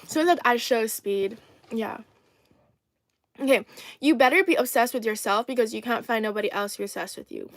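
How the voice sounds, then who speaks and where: Sassy, playful young woman, fairly high. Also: moderate pace, pauses often, a bit bright, no room sound. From China. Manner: sassy, playful, teasing, laughs often. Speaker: livestream host. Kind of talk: casual live-stream chat while eating. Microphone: phone.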